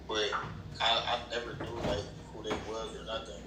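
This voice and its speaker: A man from Cleveland on a video call, telling his story haltingly with many restarts. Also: fairly low pitch, level tone. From Cleveland, Ohio. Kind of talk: casual storytelling. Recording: distant echoey video call audio with noise.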